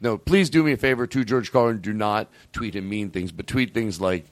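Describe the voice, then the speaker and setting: A man's voice: lowish voice, brisk, dry recording. A man hosting a show in casual chat, rambling, cutting himself off and swearing freely. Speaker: podcast host.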